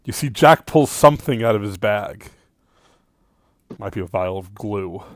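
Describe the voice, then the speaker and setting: A man narrating as game master of a tabletop game in a measured, descriptive way. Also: on the low side, animated, dry recording, studio quality. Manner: measured, descriptive, sometimes trails off.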